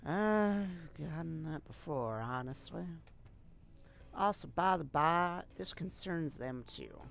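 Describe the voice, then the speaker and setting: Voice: mid-range voice, animated, slow, creaky, a bit bright, heavily acted. A streamer voicing a cheerful young country woman from a game, with a folksy drawl and lots of exclamations. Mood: friendly.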